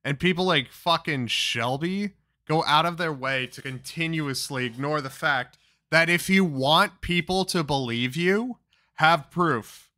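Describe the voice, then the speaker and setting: A man's voice: on the high side, a little slow, pushed and bright, no echo, clean studio sound. A man giving profane, mocking reaction commentary.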